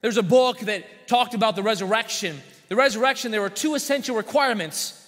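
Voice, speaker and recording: A man preaching a sermon as pastor, repeating phrases in a steady cadence, sometimes rising loud and sometimes dropping quiet. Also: normal speed. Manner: swings from loud emphatic lines to quiet low-voiced ones. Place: church sanctuary. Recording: reverberant church sanctuary.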